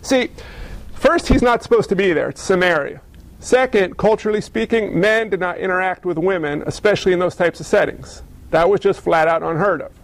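A man preaching a sermon, with rhetorical questions and jokes. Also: high voice. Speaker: pastor.

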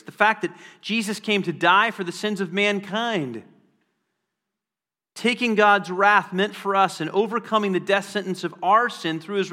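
A man delivers a sermon with a high, bright voice that carries through a long-echoing hall. He preaches earnestly, slowing down and repeating key phrases to drive a point home. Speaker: pastor.

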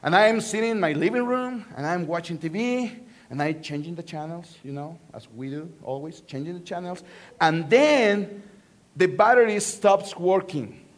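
Mexican-accented guy preaching in church, high voice, joking around with the crowd. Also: moderate pace. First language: Spanish. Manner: lively, joking with the congregation. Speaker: guest preacher. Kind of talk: sermon.

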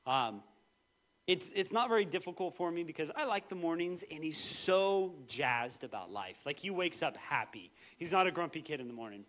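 A man in his thirties preaching a sermon, telling personal stories with lively, acted-out quotes. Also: normal speed. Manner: animated storytelling, quoting voices with big pitch jumps. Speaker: pastor.

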